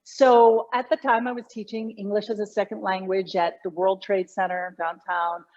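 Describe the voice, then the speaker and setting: A woman's voice: mid-range voice, little pitch movement, moderate pace, darkish tone, dull audio. A middle-aged woman, a communication coach, explaining her work animatedly in an interview, often restarting her sentences. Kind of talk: conversational interview.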